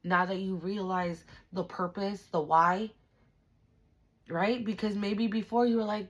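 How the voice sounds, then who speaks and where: A woman's voice: mid-range voice, fairly even intonation, measured pace. A woman giving a spiritual tarot reading straight to the viewer, emphatic and slangy, with frequent swearing. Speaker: tarot reader.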